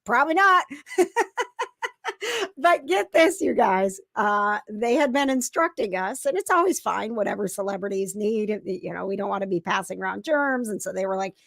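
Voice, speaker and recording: A woman's voice: mid-range voice, lively intonation, moderate pace, gravelly, no room sound, studio quality. A woman hosting a talk show, chatting casually and laughing often as she retells a story. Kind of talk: casual chat.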